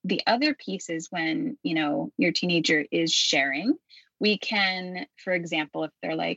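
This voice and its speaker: Lower-voiced woman on muffled dry audio. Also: a little slow, creaky, pushed and bright, slightly rough, no echo. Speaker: parenting guest expert. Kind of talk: casual conversation.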